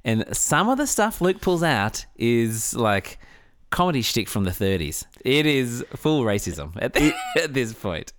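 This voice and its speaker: A man co-hosting a casual chat, often laughing and jumping into high, mocking impressions. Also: big pitch swings, measured pace, no room sound, clean studio sound. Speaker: podcast co-host.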